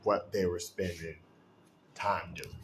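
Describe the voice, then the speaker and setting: A man's voice: low-pitched, slow. A man telling a casual story, acting out what people said and laughing often. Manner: animated, acts out quotes, laughs often. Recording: echoey room, distant mic, steady noise.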